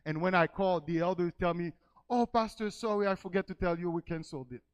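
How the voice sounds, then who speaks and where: Smooth, high-voiced preaching pastor. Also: male voice, a little fast, low-quality recording. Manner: storytelling, rising to emphatic preaching cries. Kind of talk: sermon.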